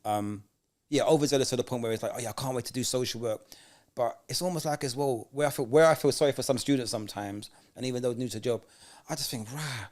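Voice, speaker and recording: Animated man telling stories. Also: medium pitch, fast. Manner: animated storyteller, acts out quoted voices. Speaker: podcast co-host. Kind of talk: casual chat.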